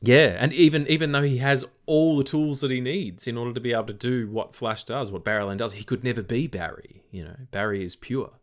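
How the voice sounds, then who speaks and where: A man's voice: medium pitch, a little fast, few pauses. A tired man with an Australian accent, co-hosting a casual film podcast, rambling and swearing offhandedly. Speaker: podcast co-host.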